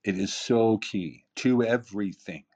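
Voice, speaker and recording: The author and keynote speaker, a man in his fifties guesting on a podcast, talks a little slowly in a lowish, slightly mellow voice. Emphatic and motivational, he keeps repeating phrases and posing rhetorical questions.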